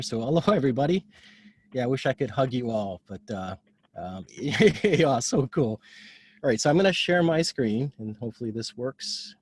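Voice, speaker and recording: A man's voice: medium pitch, animated, a little mellow, a little hiss or hum. A man from Hawaii, giving a casual, open talk as a guest speaker over a video call. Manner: casual, open, talks in quick bursts. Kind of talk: informal talk.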